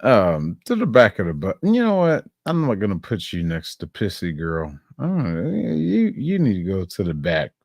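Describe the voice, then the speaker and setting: Low-voiced man swearing through reaction commentary. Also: wildly swooping pitch, normal speed, hardly any pauses, darkish tone, dry recording, studio quality. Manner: crude, sarcastic running commentary. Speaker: streamer reacting to videos.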